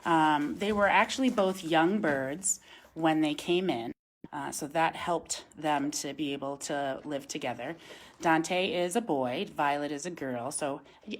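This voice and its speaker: Vrouwelijke natuureducator met lage stem. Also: female voice, deep voice, unhurried. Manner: coos and coaxes the birds in a sing-song voice, then explains calmly; reads out and thanks viewer comments. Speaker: wildlife center educator. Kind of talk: live-streamed animal feeding demonstration. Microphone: phone camera.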